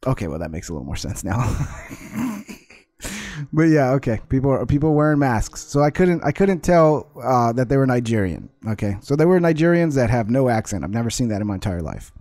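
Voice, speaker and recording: A man's voice: mid-range voice, big pitch swings, a little fast, darkish tone, no echo. A man hosting his own vlog, ranting with sarcasm and constant swearing as he reacts to clips. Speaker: vlog host. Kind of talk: profane ranting commentary.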